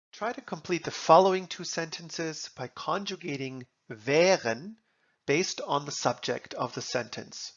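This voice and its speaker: Slow, gravelly-voiced man teaching German. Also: fairly high pitch, fairly bright tone, highs cut off. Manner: reads German examples then translates, slow and deliberate. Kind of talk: slow explanatory lesson.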